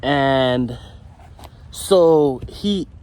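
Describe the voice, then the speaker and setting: A man's voice: mid-range voice, expressive, extremely slow, darkish tone, clean tone. A man from the Virgin Islands telling a rambling, slangy story in a casual vlog while working in his garage. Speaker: motorcycle builder. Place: home garage.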